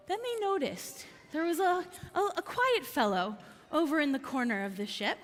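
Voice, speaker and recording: A woman tells a story from the pulpit of a sanctuary, her voice high and bright. She swings through a wide pitch range as she acts out each character. The room leaves a long reverb behind her words. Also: big pitch swings, normal speed. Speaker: clergy member telling a story. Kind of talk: storytelling sermon. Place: synagogue sanctuary.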